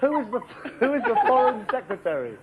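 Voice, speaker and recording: A flustered quiz host, very high voice, keeps saying sorry, loud crowd behind. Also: male voice, sing-song, fast talker. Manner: giggling, apologetic, chatty. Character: flustered apologetic male game show host. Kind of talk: comedy sketch. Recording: dull recording with loud studio audience and noise.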